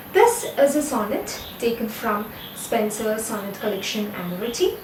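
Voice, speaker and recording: A woman's voice: fairly high pitch, noisy background. A woman with an Indian English accent giving a recorded literature lecture, explaining steadily and correcting herself now and then. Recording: echoey room, voice from a distance, faint ambience.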